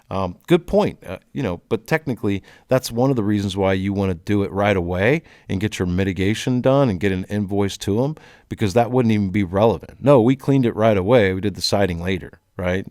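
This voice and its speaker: A man's voice: deep voice, normal speed, a little mellow, no echo, clean studio sound. A man walking through an insurance estimate as a trainer, talking casually and ending points with "right?". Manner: conversational, frequent "right?" tags, emphatic on key words. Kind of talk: casual instructional walkthrough.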